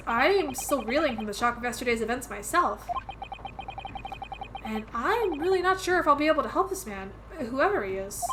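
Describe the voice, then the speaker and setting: A woman's voice: sits high, noisy background. A woman reading the lines of an earnest, nervous young male lawyer in a video game, speaking hesitantly.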